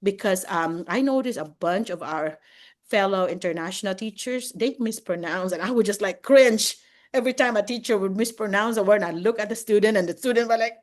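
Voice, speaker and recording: A woman in her fifties with a Filipino accent, hosting a casual video call with animated, chatty talk and frequent laughter. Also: medium pitch, a little fast. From Philippines. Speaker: host and teacher mentor.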